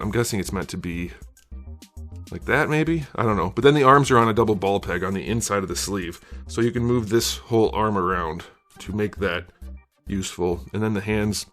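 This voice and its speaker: A man's voice: lowish voice, fairly bright tone. A man talking casually through an action figure review, slightly out of breath from being sick, rambling with fillers and hedges. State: out of breath from illness. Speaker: toy reviewer.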